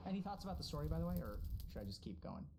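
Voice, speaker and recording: A man's voice: a little high, very animated, racing. A man in casual conversation, telling a story loosely with plenty of swearing and filler words. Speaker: storyteller and mentor. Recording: loud background noise.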